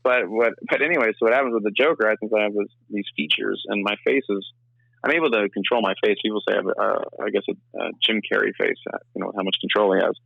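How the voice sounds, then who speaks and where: A young man giving a casual interview, talking fast in a rambling way full of restarts. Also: on the low side, fairly even intonation, creaky, no echo, lo-fi sound. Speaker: filmmaker and actor, interview guest.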